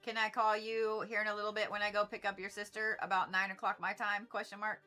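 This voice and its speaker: A woman's voice: mid-range voice, level tone, quick pace, sharp tone, faint music behind. A middle-aged woman hosting an astrology livestream, talking in a chatty, rambling way with frequent swearing and laughing asides. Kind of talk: casual livestream chat.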